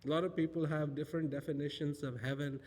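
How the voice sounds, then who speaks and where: A man's voice: a little high, fairly even intonation, fast, a little mellow. A man giving a storytelling public talk, asking rhetorical questions and repeating phrases for emphasis. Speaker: spiritual speaker. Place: large auditorium. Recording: long reverb of a large hall.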